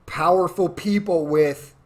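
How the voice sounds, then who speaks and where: A man's voice: high-pitched, a little slow, a little mellow. A tipsy man ranting in a crude, rambling, profane way as host of his own show. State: drunk. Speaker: podcast host. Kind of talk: drunken political rant.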